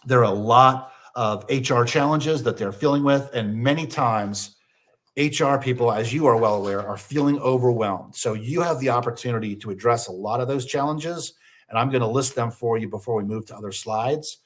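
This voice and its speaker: A man giving a business webinar presentation, posing questions and then answering them himself, with frequent "uh" fillers. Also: medium pitch. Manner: slows down deliberately for listing items.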